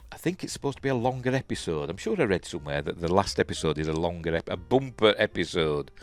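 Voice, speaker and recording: A man with a Yorkshire accent and a very low voice hosts a loose, chatty review on his own. He rambles, chuckles to himself and lets sentences fade into mumbles. Faint music plays softly under his voice. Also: sing-song, fast. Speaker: show host and reviewer. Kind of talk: casual solo review.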